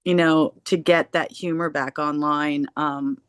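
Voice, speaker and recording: Low-voiced woman musing hopefully. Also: steady tone, unhurried, clean tone, no room sound, studio quality. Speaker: discussion group member. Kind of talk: casual group discussion.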